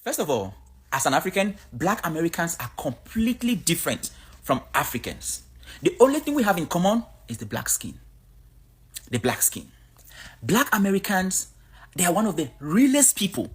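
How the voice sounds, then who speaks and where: A woman's voice: fairly low pitch, very animated, moderate pace, husky. A woman from Cameroon, giving a blunt, outspoken vlog monologue. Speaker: vlogger.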